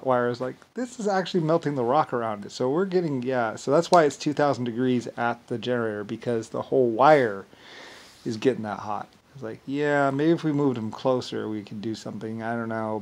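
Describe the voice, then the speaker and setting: A man talking in a rambling monologue, halting and repetitive, with many fillers and restarts. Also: medium pitch. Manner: chuckles while telling stories.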